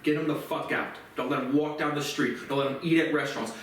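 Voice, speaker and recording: A man in his twenties in an agitated, profane rant to camera, his voice rising into shouts. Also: fairly high pitch, fast talker, slight background noise. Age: 20s. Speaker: vlogger. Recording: very echoey room, far from mic.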